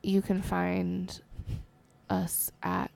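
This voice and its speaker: A woman's voice: lowish voice, sing-song, drawn-out words, creaky, darkish tone, dry recording. A woman in her twenties co-hosting a casual podcast, rambling with lots of ums and giggles. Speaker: podcast co-host. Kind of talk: casual chat.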